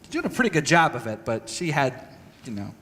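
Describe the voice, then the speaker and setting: A man giving an earnest, halting talk to a church audience, telling a personal story and acting out conversations. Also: fairly high pitch, very animated, fairly bright tone, in a large hall, slight background noise. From United States. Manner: earnest, halting with restarts, acts out dialogue. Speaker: speaker at a church training session. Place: church hall.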